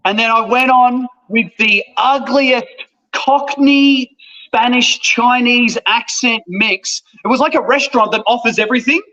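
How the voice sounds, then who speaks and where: A man, an actor, telling a funny story about himself in a casual, animated way. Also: very high-pitched, a little slow. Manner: self-deprecating, animated. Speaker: actor, guest. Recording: dull lo-fi sound.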